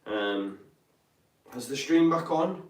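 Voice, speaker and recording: A man's voice: mid-range voice, expressive, slow pace. A young man hosts a live football watch-along, chatty and tired, with plenty of ums. His voice is recorded in a roomy, echoey space. He sits away from the microphone, so he sounds distant. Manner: chatty, reads out viewer comments, frequent ums and apologies. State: tired, yawning. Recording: roomy echo, speaker off-mic.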